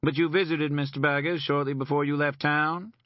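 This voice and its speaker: A man's voice: on the high side, steady tone, brisk, no echo, pitched above the performer's own voice, natural voice. A man voicing a smug, sarcastic male federal agent with pompous, mocking politeness in an audiobook. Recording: dull lo-fi recording.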